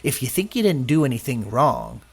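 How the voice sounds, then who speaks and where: Animated male preacher with lively pitch. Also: normal speed, gravelly, husky. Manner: personal testimony, acts out quoted voices. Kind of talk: sermon.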